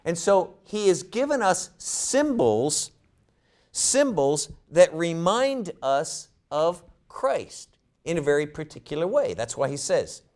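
A man's voice: on the high side, very animated, slow, darkish tone. A man teaching a Bible study lecture, often asking rhetorical questions and repeating words as he thinks.

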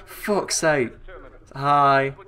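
A man giving excitable, sweary, joking commentary while playing a video game. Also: mid-range voice, extremely slow. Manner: excitable, sweary, jokey asides. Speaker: gaming channel host. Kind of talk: let's play commentary.

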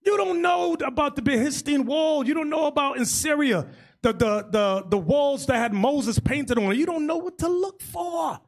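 A man preaching as bishop in an emphatic, loud sermon style. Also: very high voice, lively intonation, moderate pace. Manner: loud, emphatic, shouting at peaks. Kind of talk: animated sermon teaching.

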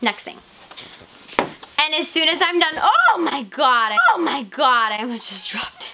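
A woman's voice: high-pitched, normal speed, vocal fry. Bubbly, gushing teenage girl vlogger. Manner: gushing, excitable, lots of "like" and "legit". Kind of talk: casual haul vlog.

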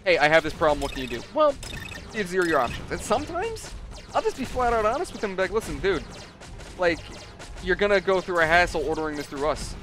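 Faint music plays behind a very animated gaming host whose high, fairly bright voice moves fast. Swearing freely, he tells a casual story during gameplay and performs the customers' parts.

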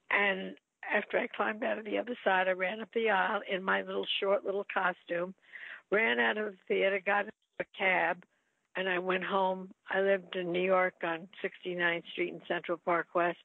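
Gravelly older actress telling stories. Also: female voice, medium pitch, dry recording. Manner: playful, lively anecdotes. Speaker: actress interviewee. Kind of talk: anecdotal interview storytelling. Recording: phone-like line, dry.

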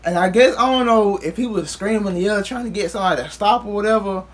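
A man's voice: sits high, quick pace. A man vlogger telling a casual storytime in loose, profane street talk, acting out what others said.

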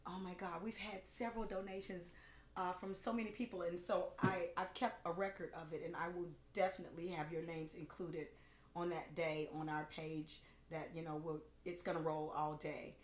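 Lower-voiced woman gushing thanks in a roomy space. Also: level tone, normal speed, a little hiss or hum. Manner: effusive, rambling thanks with many fillers; emotional, close to tears. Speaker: cooking show host. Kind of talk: casual livestream chat. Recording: roomy echo with faint music.

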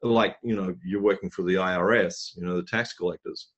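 Man, low husky voice, webinar presenter, animated storyteller, frequent throat clearing. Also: a little fast, muffled recording. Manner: animated storytelling, acting out dialogue. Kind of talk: marketing webinar talk.

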